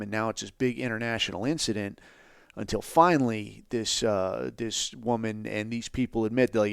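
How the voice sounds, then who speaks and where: A man's voice: lowish voice, moderate pace, gravelly, smooth, no echo, studio quality. A man hosting a podcast, talking in a blunt, profane, rambling and sarcastic way. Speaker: podcast host. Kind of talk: casual podcast commentary.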